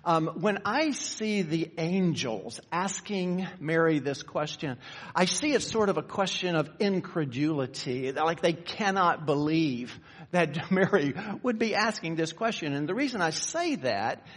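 A man preaching a sermon. He builds to fervent raised passages, then drops low and quiet. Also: expressive, a little slow, in a large hall.

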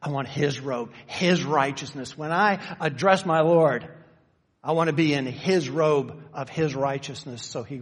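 A man preaching a sermon, teaching conversationally and shifting from slow, stressed phrases to quick asides. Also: mid-range voice, slightly rough. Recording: long reverb of a church hall.

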